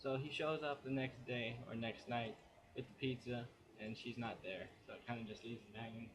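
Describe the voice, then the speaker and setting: A man's voice: medium pitch, fairly even intonation, normal speed, noisy background. A man giving a casual spoken comic book review, chatty and rambling as he retells the plot.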